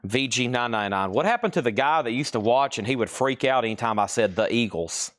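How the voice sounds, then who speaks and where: A man's voice: mid-range voice, expressive, fast, a bit bright, dry recording, studio quality. A man hosting a live online sale from a store, reading out records and prices and teasing buyers in a chatty way. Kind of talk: casual live-stream selling.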